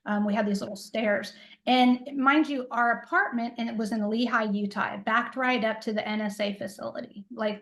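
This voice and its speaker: A middle-aged intuitive coach, interviewed casually, rambles through a personal story packed with fillers and acts out what people said to her. Her voice is a little high, and the audio is poor.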